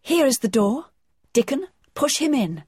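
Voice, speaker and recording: A woman voicing a quiet young girl who speaks in a hushed, breathy way in a storybook reading. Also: high voice, sing-song, a little slow, dry recording, clean studio sound, voice pushed up, heavily acted.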